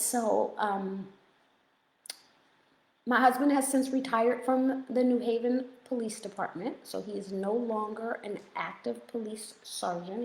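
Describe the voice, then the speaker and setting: A woman's voice: a little high, roomy sound, low-quality recording. A middle-aged American woman, a weight-loss coach, chatting casually on a live stream in a playful, motivational way and laughing often.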